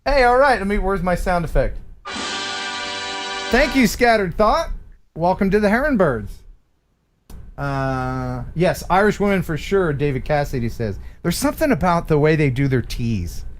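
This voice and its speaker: A man's voice: high-pitched, expressive, normal speed, faint music behind. Playful, bantering male stream host. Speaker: livestream host. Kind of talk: casual chat.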